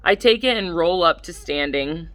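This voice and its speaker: Narrating an audiobook in the first person, a woman keeps a measured pace in a voice that is slightly low yet very bright and forward. She becomes livelier in the dialogue, raising her delivery for each character's lines.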